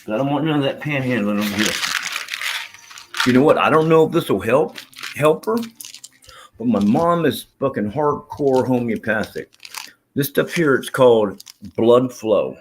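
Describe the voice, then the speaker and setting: A man's voice: mid-range voice, animated, normal speed, pauses often, slight background noise. A man hosting a live stream, chatting casually and profanely with his viewers, rambling from topic to topic. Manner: rambling, profane, reads chat aloud.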